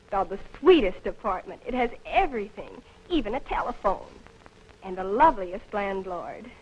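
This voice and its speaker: An actress playing a sweet, eager young newlywed wife in a 1940s film, talking in a gushing, affectionate way. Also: female voice, mid-range voice, expressive, moderate pace, slightly rough. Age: young adult. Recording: dull old film soundtrack, faint hiss.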